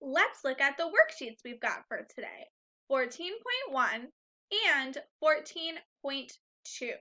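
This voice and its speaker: A woman teacher leading a phonics lesson for young children, speaking slowly and clearly, repeating each word three times and cheering the class on, on a slightly dull, lo-fi recording. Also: sits high, very animated, pushed and bright. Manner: encouraging, upbeat.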